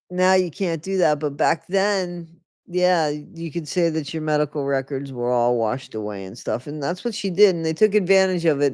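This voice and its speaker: A livestream host gives plain, casual commentary that's blunt and openly scornful, swearing often and filling pauses with asides to the live chat. His mid-pitched voice is warm, clear and resonant, recorded close and dry.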